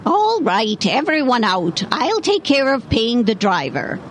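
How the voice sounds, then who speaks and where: A woman's voice: on the high side, wildly swooping pitch, measured pace, very noisy. A woman playing a bossy, stingy hotel owner with a haughty manner. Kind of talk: audio drama acting.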